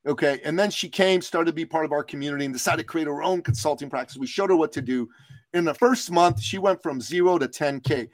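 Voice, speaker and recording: A man's voice: on the high side, quick pace, no room sound. Emphatic motivational man from Iran, dry sound. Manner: emphatic, slogan-driven motivational talk. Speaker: business coach, podcast guest. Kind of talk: motivational podcast interview storytelling.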